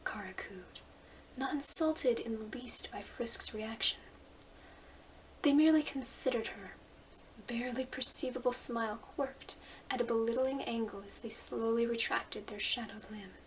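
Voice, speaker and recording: A woman's voice: fairly high pitch, normal speed, distant mic, slight background noise, poor audio. Woman whispering a story. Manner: soft, hushed narration. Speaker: fanfiction reader.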